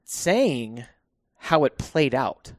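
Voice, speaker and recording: With drawn-out words in a mid-range voice, a firefighter guest recounts stories on a relaxed podcast, laughing often and restarting sentences. The studio sound is clean, with no room sound.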